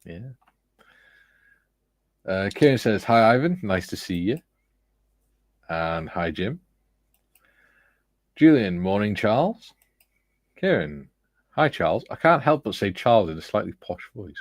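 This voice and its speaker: Low-voiced man reading chat. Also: very animated, takes it slowly, pauses often, dry recording. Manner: reads viewer comments aloud, chuckling. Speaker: livestream host reading chat. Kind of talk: casual chat.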